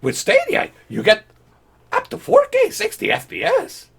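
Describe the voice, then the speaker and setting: A man voicing a tiny ancient male alien sage in a very high, squeaky falsetto, mockingly reading ad copy. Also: huge pitch swings, a little slow, gravelly, exaggerated voice.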